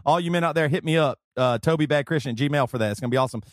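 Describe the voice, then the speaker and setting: Southern man, podcast host, higher voice, rambling and excitable, dry studio sound. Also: racing, no echo. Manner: rambling, excitable, laughs often. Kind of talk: casual chat.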